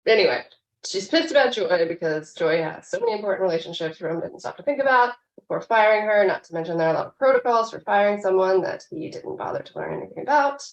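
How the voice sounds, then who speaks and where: A woman's voice: mid-range voice, expressive, fast, lo-fi sound. A woman co-hosting a podcast, chattily leading a casual recap of a TV episode. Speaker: podcast co-host. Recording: echoey room.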